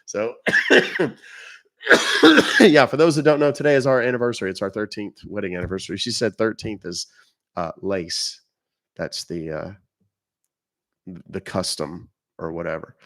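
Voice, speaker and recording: Low-voiced joking streamer with a cough. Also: male voice, very animated, unhurried, long pauses, a bit bright, no echo, studio quality. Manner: loose, joking, swears freely. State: coughing and sniffling. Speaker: livestream host baiting scammers. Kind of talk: casual live-stream chat.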